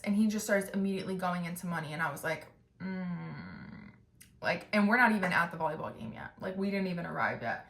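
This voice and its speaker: A woman's voice: mid-range voice, quick pace. Twenties girl spilling a story on her podcast, swears a lot, says like constantly, kinda echoey room. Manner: chatty, swears freely, full of "like", mimics others with animated bursts. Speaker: podcast host. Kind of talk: casual storytelling. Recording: roomy echo.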